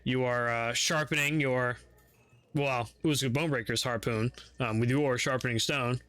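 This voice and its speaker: A man's voice: medium pitch, fairly even intonation, normal speed, sharp tone, dry recording, faint music behind. A man narrating a tabletop game as game master, loose and casual with lots of fillers.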